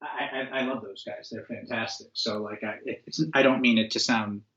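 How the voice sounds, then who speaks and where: A man's voice: fairly low pitch, moderate pace, muffled recording. A man from upstate New York, a guest on a podcast, telling an anecdote in casual conversation and acting out the quotes with lots of fillers. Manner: animated storyteller, acts out quotes, frequent fillers. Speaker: guest, former record label owner.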